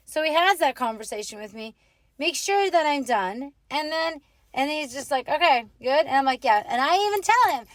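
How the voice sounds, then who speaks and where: A married woman hosting a casual advice talk, opinionated and animated, acting out little quoted exchanges. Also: sits high, normal speed, no echo. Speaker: host.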